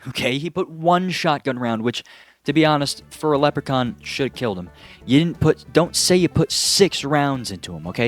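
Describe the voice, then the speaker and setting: A man recapping a film in a casual, exasperated and sarcastic way, often pausing to ask "okay?". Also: medium pitch, expressive, faint music behind. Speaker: movie reviewer.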